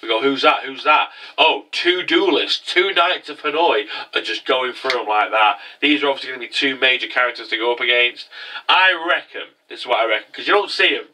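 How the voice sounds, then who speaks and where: A man's voice: mid-range voice, brisk, bright, forceful tone, far from the mic, poor audio. A man casually recapping an anime episode, rambling with many restarts. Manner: rambling, frequent restarts and fillers.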